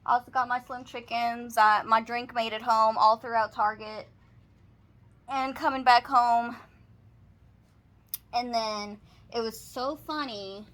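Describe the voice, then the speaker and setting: A woman's voice: a little high, fairly even intonation, takes it slowly, pauses often, fairly bright tone. A young woman with a Texan accent, casually chatting to camera about a shopping haul and telling stories in her apartment, with lots of "like" fillers. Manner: chatty, storytelling, says "like" often. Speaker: vlogger. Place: apartment, indoors.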